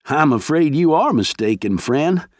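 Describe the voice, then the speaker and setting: A man's voice: fairly high pitch, animated, measured pace, no echo, studio quality, pitched above the performer's own voice. A man doing a cheerful aging ex-killer. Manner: folksy Western drawl put on over a hidden past.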